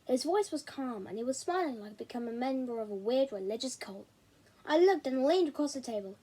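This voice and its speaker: A woman reading a children's novel aloud in an expressive, animated way. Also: sits high, brisk, slightly rough. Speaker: reader.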